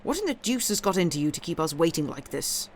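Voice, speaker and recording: A woman's voice: fairly low pitch, big pitch swings, fast, a little hiss or hum. Woman reading an urgent young lover. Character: ardent impatient young man, a lover.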